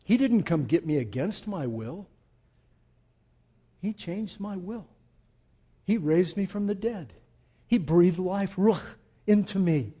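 Emphatic high-voiced male preacher. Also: animated, a little slow, breathy edge. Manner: emphatic, rising to loud peaks then dropping low and intimate; asks the congregation direct questions. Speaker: pastor. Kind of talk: sermon.

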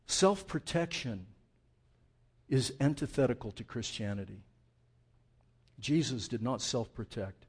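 A male pastor preaching a sermon in a conversational, animated way, asking his listeners rhetorical questions and often restarting his sentences. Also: mid-range voice, moderate pace, breathy edge.

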